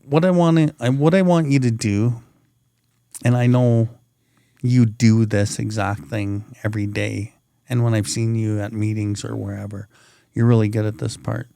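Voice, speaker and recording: A man's voice: fairly low pitch, steady tone, normal speed, vocal fry, mellow, dry recording, studio quality. A man hosting a recovery podcast in laid-back casual chat, calling his guest bro. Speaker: podcast host.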